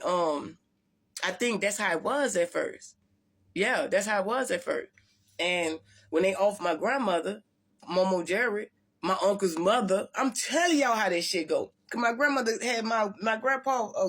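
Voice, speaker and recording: A woman vlogger telling her story to viewers in a blunt, profane, rambling way with many restarts. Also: on the low side. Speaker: spiritual vlogger.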